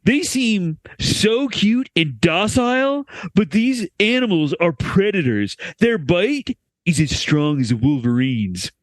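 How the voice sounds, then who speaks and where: A man's voice: high voice, big pitch swings, slow pace, no echo. A man co-hosting a comedy news podcast, reading stories aloud with playful emphasis.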